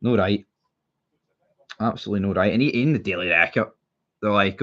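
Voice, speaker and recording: A man's voice: fairly low pitch, a little fast, long pauses, fairly bright tone, lo-fi sound. A young Scottish man streaming about football, talking bluntly and heatedly, swearing freely and repeating himself as he rants. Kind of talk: casual live-stream chat.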